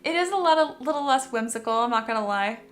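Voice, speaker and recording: A woman's voice: on the high side, expressive, fast talker, a bit bright, reverberant, faint music behind. A woman sculpting on a live stream, chatting casually with her viewers and reading their comments aloud, often poking fun at herself. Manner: chatty, self-deprecating, reads chat aloud.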